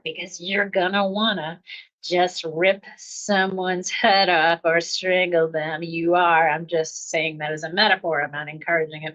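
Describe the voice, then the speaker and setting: A woman hosting a self-help podcast, talking calmly about pausing before reacting, with steady, repeating coaching phrases and soft laughs. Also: fairly low pitch, lo-fi sound. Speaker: podcast host. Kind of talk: reflective self-help talk.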